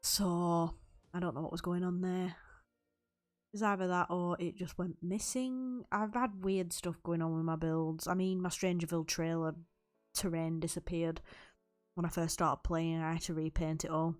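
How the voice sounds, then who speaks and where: Young woman, low-pitched voice, rambling voiceover, frequent giggles, faint music behind. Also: fairly even intonation, moderate pace. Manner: rambling, chatty, giggles often. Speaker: YouTube Sims builder. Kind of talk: recorded voiceover over gameplay.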